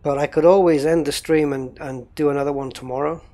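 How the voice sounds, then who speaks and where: A man's voice: fairly high pitch, steady tone, fairly quick, dark tone. A man running a gaming livestream, rambling casually and thinking aloud while he troubleshoots.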